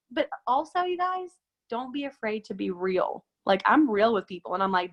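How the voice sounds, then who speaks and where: A woman hosting a casual chat, talking fast and acting out quoted lines in big, high voices. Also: very animated, dull audio. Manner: chatty, acts out quoted lines with big pitch jumps. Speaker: host. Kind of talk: casual chat on a video call.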